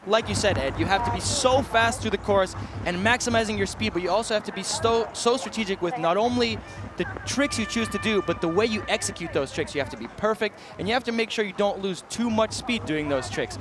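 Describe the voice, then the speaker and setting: A man's voice: high-pitched, a little fast. A man giving expert co-commentary outdoors at a bike event, emphatic and repeating words for stress. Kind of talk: live sports commentary.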